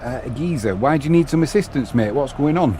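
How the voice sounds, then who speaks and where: Commenting on a match during his live stream, a middle-aged Englishman trades banter with viewers and reads their messages out loud. His mid-range voice is lively and fairly quick, with a mellow quality and a bit of background noise.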